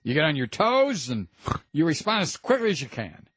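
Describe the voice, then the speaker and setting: A man voicing a gruff, bossy male talk-radio pundit who coaches a caller on what to say. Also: a little high, very animated, moderate pace, a bit bright, no room sound, exaggerated voice. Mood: coaching. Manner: coaching, dismissive.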